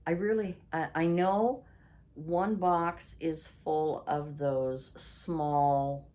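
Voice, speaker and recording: A woman's voice: sits low, fairly even intonation, extremely slow, warm tone. A woman in her sixties from Canada, hosting a chatty craft vlog, rambling and losing her train of thought, then ranting indignantly. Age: 60s. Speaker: craft channel host.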